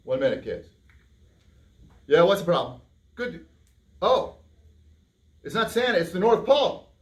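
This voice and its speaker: Playful, animated man storyteller. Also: high-pitched, measured pace. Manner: playful, hammy, talks to a puppet and the kids. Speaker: library storyteller. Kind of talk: reading a picture book aloud to children.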